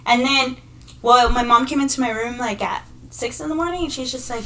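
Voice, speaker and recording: A woman's voice: on the high side, fairly quick, slight background noise. A young woman on a podcast, telling a scary dream in casual chat and acting out the dialogue as she goes. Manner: animated, acts out dialogue in her story. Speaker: podcast co-host.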